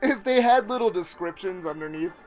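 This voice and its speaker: A woman's voice: mid-range voice, expressive, brisk. A woman co-hosting a let's play, giggly and rambling, with jokey casual commentary.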